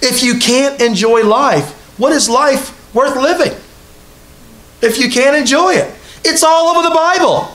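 Male preacher, high voice, conversational sermon delivery, congregation present. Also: measured pace, fairly bright tone. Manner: conversational preaching with repeated rhetorical questions to the congregation. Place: church hall with a congregation.

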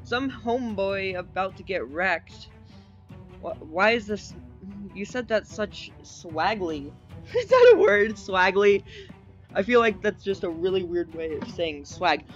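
A man's voice: high-pitched, unhurried, fairly bright tone, dull audio. A young man chatting through a game for his channel, rambling and joking at himself, with nervous yelps for help. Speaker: gaming YouTuber. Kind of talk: casual let's-play commentary. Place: home computer desk. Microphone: desk microphone. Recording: faint game music behind.

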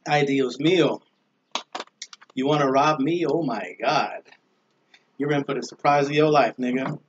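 A man's voice: mid-range voice, normal speed. A man hosting his own vlog, ranting casually in a loose, profane, laughing way. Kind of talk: casual rambling rant. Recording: dull lo-fi with faint noise.

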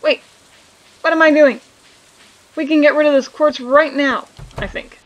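This muffled clip has a woman hosting a relaxed let's play, joking around with her audience during gameplay. Her voice sits high with a steady tone and a measured pace, and she voices the game dialogue out loud.

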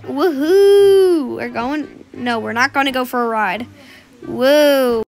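A woman giving playful, excitable commentary as she plays a game, gasping and squealing often. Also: a little high, unhurried, soft background music. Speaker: gamer. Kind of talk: casual gameplay commentary.

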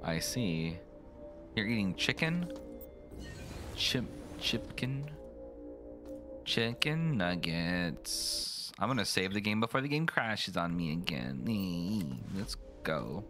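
A man streaming a video game, rambling and joking, now and then jumping into silly high voices. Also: animated, slow. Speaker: gaming streamer. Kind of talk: casual let's play commentary. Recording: game music behind the voice.

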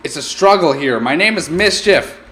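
A man's voice: a little high, lively intonation, moderate pace, sharp tone, faint music behind. A man hosting a let's play, narrating his gameplay with playful, mock-scared melodrama. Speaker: gaming channel host.

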